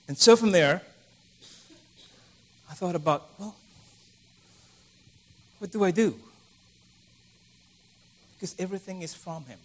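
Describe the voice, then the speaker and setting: A man's voice: high voice, slow pace, pauses often. A middle-aged man preaching a conversational sermon, acting out the voices of the people he quotes.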